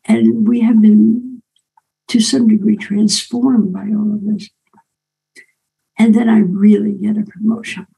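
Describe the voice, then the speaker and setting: An older woman telling a personal story in a reflective way, often pausing and adding "right?" asides. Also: mid-range voice, flat delivery, gravelly, dark tone, husky, rough recording.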